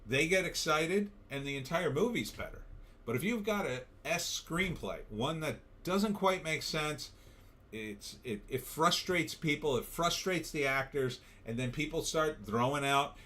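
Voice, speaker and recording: A man's voice: a little high, animated, unhurried, bright, forceful tone. A tired man hosting a livestream, ranting in a casual way and reading out chat comments. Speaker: livestream show host.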